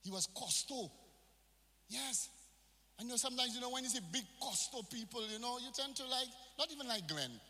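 A man's voice: very high voice, animated, moderate pace, sharp tone. A male pastor preaching a sermon in a church, with call-and-response and phrases mixed in. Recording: reverberant church hall.

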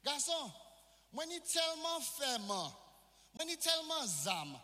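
A man's voice: very high-pitched, big pitch swings, slow pace, bright, forceful tone, voice pushed up, full character voice. A male pastor acting out a boastful giant warrior taunting a boy, in a reverberant church.

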